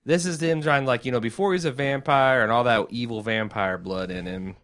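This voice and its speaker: A man's voice: medium pitch, fairly quick, a bit bright. A man co-hosting a casual TV recap podcast, joking sarcastically and acting out characters' lines. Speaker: podcast co-host.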